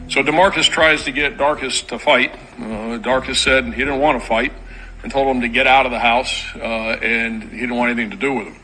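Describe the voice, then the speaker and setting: A bright, forceful male voice delivers a formal press briefing at a podium microphone. He is matter-of-fact and methodical, slipping in dry, sarcastic asides. His pitch sits in the middle range for a man. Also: normal speed, soft background music, poor audio. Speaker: law enforcement spokesman at a press briefing.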